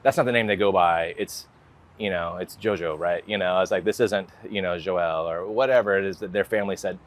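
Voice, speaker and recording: This guest artist, an American man, talks fairly quickly in a low-pitched voice. His interview answers are casual and rambling, loaded with fillers like "like" and "you know."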